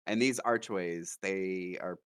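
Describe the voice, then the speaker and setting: A man's voice: sits low, slow pace, smooth, no echo. A man playing a tabletop game, asking questions in a casual way. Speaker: player.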